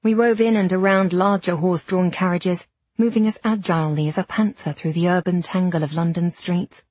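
Audiobook narrator, woman, breathy mid-range voice, dry close studio sound. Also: on the low side, fairly quick, no room sound. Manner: steady storytelling with period diction. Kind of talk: scripted first-person narration.

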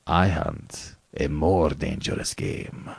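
Guy doing a smooth creepy aristocrat hunter, low and slow, dry close sound. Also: sing-song, darkish tone, no echo, heavily acted. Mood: slow, menacing. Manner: slow, measured, courtly. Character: suave, menacing aristocratic male hunter. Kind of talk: audiobook reading.

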